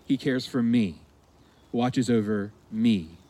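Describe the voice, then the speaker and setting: A pastor preaching an earnest sermon to his congregation, stressing key words with deliberate pauses. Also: mid-range voice, dark tone.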